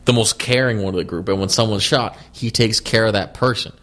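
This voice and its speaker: Male podcast co-host, lower voice, rapid-fire and profane, argues his point hard. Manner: fast, animated, swears a lot, argumentative. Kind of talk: casual chat about movies.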